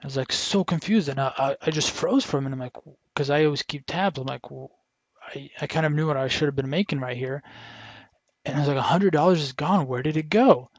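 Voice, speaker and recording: A man's voice: fairly high pitch, a little fast, dry recording, lo-fi sound. A young man talking through his trades in a casual, rambling way, full of restarts and quoting his own thoughts. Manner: rambling, frequent restarts and self-quotes. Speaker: day trader vlogger. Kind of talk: casual screen-share commentary.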